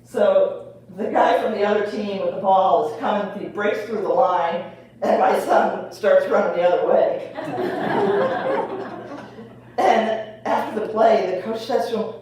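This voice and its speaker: A woman's voice: medium pitch, big pitch swings, slow, long pauses, a little mellow, slight background noise. An older woman telling a funny family story on stage in a chatty way, with fillers. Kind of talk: live comic storytelling. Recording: echoey room, mic far off.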